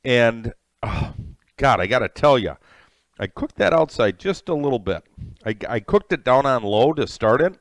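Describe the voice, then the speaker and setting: A man's voice: medium pitch, big pitch swings, moderate pace, no echo. A middle-aged man hosting a live cooking stream from his home kitchen, eating as he talks and greeting viewers by name. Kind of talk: casual live-stream chat while eating.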